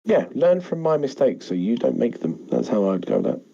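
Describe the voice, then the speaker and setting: British guest, dark mellow voice, dry self-mocking humor, casual. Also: male voice, mid-range voice, very animated, fairly quick, gravelly, husky, lo-fi sound. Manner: wry, self-deprecating, chatty. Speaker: guest player. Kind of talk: casual chat.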